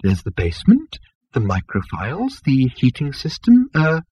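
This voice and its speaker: A man's voice: a little high, big pitch swings, brisk, darkish tone, husky, no room sound, voice pushed up. A man voicing a fawning, anxious talking elevator in a sweetly persuasive, syrupy manner. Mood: wheedling.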